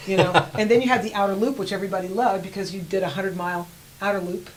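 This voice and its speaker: A woman, telling stories as a guest in a casual interview, animated and laughing often. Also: mid-range voice, quick pace, slight background noise, poor audio. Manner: animated, laughs often, acts out quoted voices. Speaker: guest rider.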